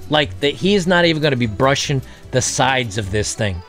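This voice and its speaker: Male vlog host, mid-pitched, crude self-amused banter, faint music under. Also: expressive, normal speed, fairly bright tone. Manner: crude, joking, laughs at his own jokes. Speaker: dating commentary vlogger. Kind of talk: casual monologue.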